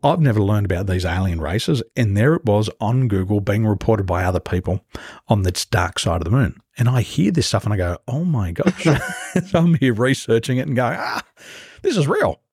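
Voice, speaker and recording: A man telling stories with a lively, swooping delivery. His voice is low and a little husky, and he sounds close to a dry mic with no room echo. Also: moderate pace. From Australia. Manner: animated anecdotes, acting out quoted voices. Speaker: guest, business coach. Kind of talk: storytelling interview.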